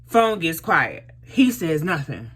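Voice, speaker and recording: A woman's voice: low-pitched, big pitch swings, slow pace, slightly rough. A young woman doing her makeup while telling a storytime in casual, blunt, profane chat. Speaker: vlogger.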